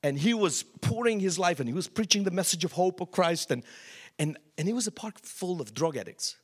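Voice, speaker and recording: A middle-aged man from Romania with a Romanian accent, preaching a sermon and telling his story with animated, rising questions. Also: sits high, brisk, slightly rough. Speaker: pastor. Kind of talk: sermon testimony.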